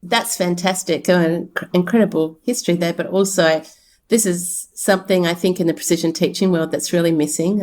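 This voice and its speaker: Woman, Australian accent, podcast co-host, chatty, laughing, upbeat. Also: lowish voice. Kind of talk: casual podcast chat.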